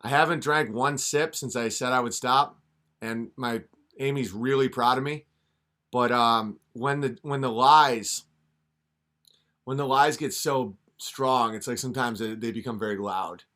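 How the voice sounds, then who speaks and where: A man's voice: mid-range voice, measured pace, a bit bright. A man hosting a podcast in a rambling comedic rant, often restarting mid-sentence. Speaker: podcast host.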